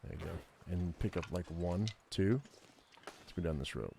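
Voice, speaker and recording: A man's voice: low voice, moderate pace, vocal fry, warm tone, a little hiss or hum. A man giving casual gameplay commentary, muttering his thoughts aloud and making chatty asides to viewers.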